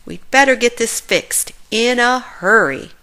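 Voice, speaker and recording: A woman's voice: on the high side, measured pace, bright, forceful tone. A woman voicing an eager young boy who leads a rescue team in a children's storybook, upbeat and commanding. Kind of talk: children's storybook read-aloud.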